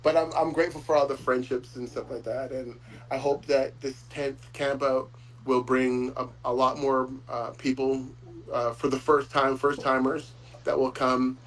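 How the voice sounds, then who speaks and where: A man hosting a casual chat, talking in a rambling, warm-hearted way with frequent chuckles. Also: medium pitch, level tone, moderate pace, poor audio. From Florida. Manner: rambling, chuckles often, fillers. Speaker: host.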